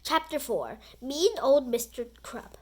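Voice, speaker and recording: A woman reading a children's book aloud in an animated, expressive storytelling voice. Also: high voice, slow.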